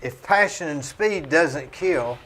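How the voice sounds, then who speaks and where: Slow-talking male host. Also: on the high side, lively intonation, pushed and bright. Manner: short prompting interjections and questions. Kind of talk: interview. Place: recording studio.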